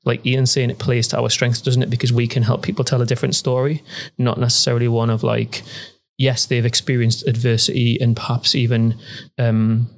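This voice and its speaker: A man's voice: medium pitch, level tone, a little fast. A man hosting a podcast in a casual chat, friendly and talkative with frequent ums and restarts, on a proper studio microphone. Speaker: podcast host. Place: at home during lockdown.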